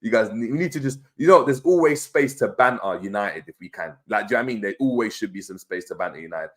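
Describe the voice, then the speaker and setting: A man's voice: on the low side, animated, quick pace. A man hosting a casual live stream, laughing often, bantering in slang and reading viewer comments aloud. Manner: slangy banter with many fillers. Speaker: host of a fan live stream.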